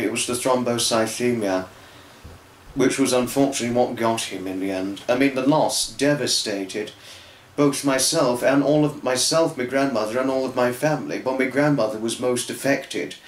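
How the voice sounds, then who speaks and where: A man's voice: mid-range voice, echoey room, poor audio. A young man talking earnestly and tearfully in a rambling personal vlog, with many restarts. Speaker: fan vlogger.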